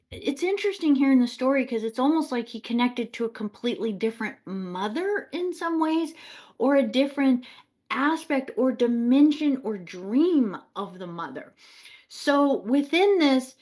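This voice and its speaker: Chatty woman telling a spiritual story. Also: high-pitched. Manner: chatty and animated, laughs often, full of "like"s.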